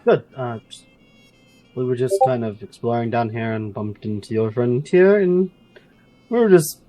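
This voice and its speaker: A man's voice: medium pitch, measured pace, dark tone, no echo, highs cut off, faint music behind. A man playing a tabletop game, speaking hesitantly and politely, recorded close and dry. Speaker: player. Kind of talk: casual tabletop play.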